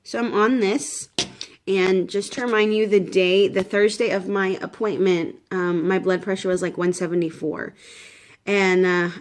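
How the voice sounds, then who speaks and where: A woman's voice: medium pitch, fairly even intonation, unhurried. Woman, 30s, casual vlog, rambling, lots of fillers, tired, a bit shaky. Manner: chatty, rambling, many fillers and restarts. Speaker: vlogger. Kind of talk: casual pregnancy update vlog.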